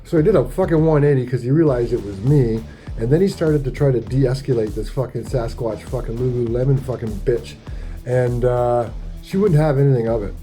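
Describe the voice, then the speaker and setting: A man's voice: medium pitch, fairly quick, warm tone, faint music behind. A man telling a rambling, profane story in a casual vlog. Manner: profane, rambling, laid-back. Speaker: vlogger.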